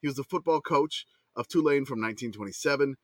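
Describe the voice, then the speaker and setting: A man hosting a casual podcast chat, excitable, swearing and laughing as he talks. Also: medium pitch, quick pace, no echo. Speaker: podcast host.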